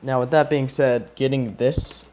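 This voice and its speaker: A man's voice: medium pitch, steady tone, unhurried, darkish tone, soft background music. A man vlogging his PC build in a casual, profane and sarcastic way, ranting in frustration as he works. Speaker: tech YouTuber.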